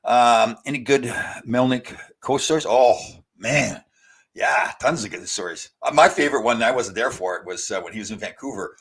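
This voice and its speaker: Husky-voiced older man chatting with viewers. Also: medium pitch, moderate pace, a bit bright. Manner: chatty, storytelling, reads out viewer comments. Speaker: host. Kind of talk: casual live-stream chat answering viewer questions.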